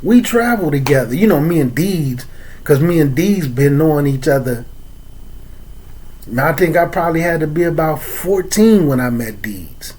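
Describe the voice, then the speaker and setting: A man's voice: a little high, lively intonation, moderate pace, darkish tone, breathy edge. Streetwise Chicago man talking loosely. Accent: African American English. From Chicago, USA. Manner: loose, streetwise, repeats "man" and "you know what I'm saying"; laughs between points. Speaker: host. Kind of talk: casual religious talk to an audience.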